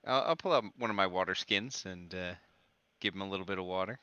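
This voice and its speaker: Smooth low-voiced man playing a game. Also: fast talker, sharp tone, dry recording, muffled recording. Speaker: player. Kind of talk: casual game chat.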